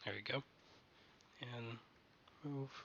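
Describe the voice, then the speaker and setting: A man running a tabletop game playtest as game master, narrating haltingly and often restarting his sentences. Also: medium pitch, steady tone, gravelly, a bit bright, dull audio, slight background noise.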